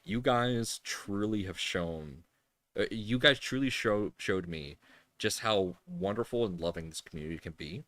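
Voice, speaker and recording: A man's voice: fairly low pitch, unhurried, a bit bright, no echo. A man hosting a casual live stream from a home workshop, talking in a rambling way with lots of fillers and restarts. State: tearful at times. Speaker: live-stream host building a 3D printer.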